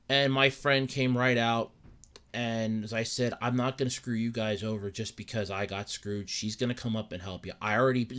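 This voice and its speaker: A man's voice: mid-range voice, pushed and bright. A young man hosting a casual solo podcast, rambling and stumbling over words while sounding upset and dejected. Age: young adult. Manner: rambling, repeats words, acts out his own thoughts. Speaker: podcast host.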